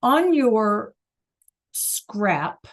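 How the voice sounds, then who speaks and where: A woman's voice: a little high, very animated, extremely slow. A woman teaching a Spanish class over a video call, patient and checking in often with the students.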